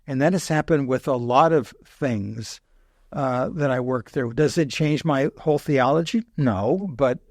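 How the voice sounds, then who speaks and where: An older man talks through his ideas at a thoughtful, wandering pace, doubling back and restarting his sentences as he goes. His voice sits at an ordinary middle pitch. The sound is dry and close, with no room around it. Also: a little slow, darkish tone, no echo. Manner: thoughtful, rambling with many restarts. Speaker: guest scholar. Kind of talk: podcast interview.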